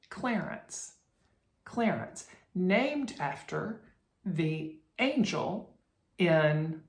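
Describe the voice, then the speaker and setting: Chatty low-voiced woman vlogger, roomy sound. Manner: chatty and rambling, with many restarts and fillers. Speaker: cross-stitch vlogger. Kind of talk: casual chat to camera. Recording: roomy echo.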